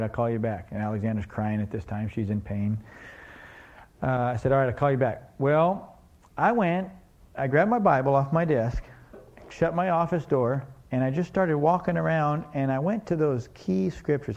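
A man's voice: mid-range voice, gravelly, darkish tone, lo-fi sound. A man preaching a sermon, telling a story and asking the congregation questions in a conversational way.

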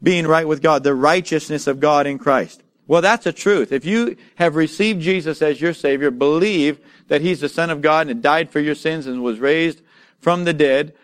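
High-voiced man preaching emphatically. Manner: emphatic, calls for congregation responses, slows to read scripture. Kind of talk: sermon.

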